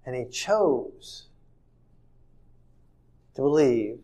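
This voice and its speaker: A man preaching a sermon in an earnest way, shifting from soft and tender to emphatic. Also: medium pitch, lively intonation, drawn-out words.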